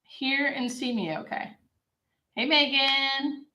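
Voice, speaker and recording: Bright, chatty nurse in an echoey room. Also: female voice, sits high, takes it slowly. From Southern California. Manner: chatty and upbeat, greeting viewers and answering questions. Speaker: hospice nurse hosting a live Q&A. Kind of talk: casual live-stream Q&A. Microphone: camera mic.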